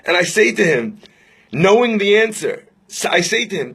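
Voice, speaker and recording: Husky-voiced young rabbi telling stories. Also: male voice, sits high, big pitch swings, fairly bright tone. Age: young adult. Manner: dramatic storyteller who slows down for key phrases. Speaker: rabbi and speaker. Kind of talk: inspirational storytelling talk.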